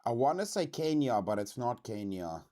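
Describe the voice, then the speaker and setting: South African man, streamer host, casual reaction chat, lively swooping pitch, slangy, keeps saying dude. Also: moderate pace. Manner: animated, slangy, says dude a lot, swears.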